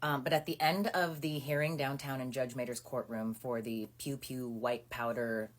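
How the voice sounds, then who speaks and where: At a moderate pace, a thirty-something woman with a low, deep voice shares a story to camera on her phone. Her tone is animated and indignant, loaded with fillers and side comments, and the close, intimate audio comes from a small indoor room. It's a casual storytime recap.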